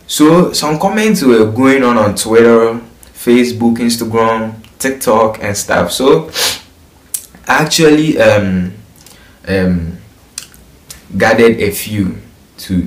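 A young man with a Ghanaian accent giving casual gossip commentary as an entertainment vlogger, chatty and always checking in with the listener. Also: mid-range voice. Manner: chatty, keeps asking "you get it?". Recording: roomy echo.

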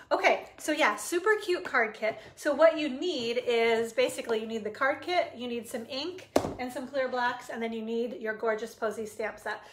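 A middle-aged woman hosting a live card-stamping demo, chatty and casual, greeting viewers by name with plenty of ums. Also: on the high side.

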